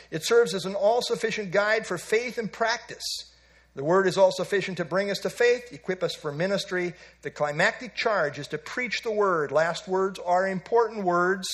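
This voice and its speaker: An older man giving an evening Bible teaching as a preacher, folksy and self-deprecating as he tells stories. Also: high-pitched.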